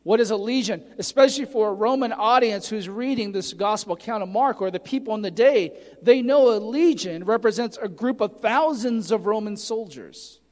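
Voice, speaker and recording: A man's voice: high-pitched, moderate pace, few pauses, a little mellow, in a large hall. A man preaching a sermon, earnestly teaching and reading scripture aloud with emphasis. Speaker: pastor.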